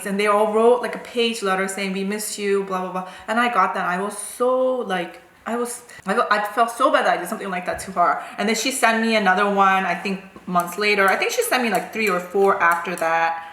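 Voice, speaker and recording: Brief: bright, chatty woman in her forties, food vlogger telling a story, echoey kitchen. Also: mid-range voice, fairly quick, hardly any pauses. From South Korea. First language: Korean. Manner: chatty, animated, full of "like" and "right?". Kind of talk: casual storytelling.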